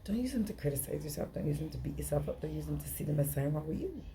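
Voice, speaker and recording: A woman's voice: sits low, lively intonation, racing, creaky, few pauses, warm tone, slight background noise. A middle-aged woman giving an earnest, emphatic relationship workshop talk, often acting out dialogue. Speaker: relationship coach.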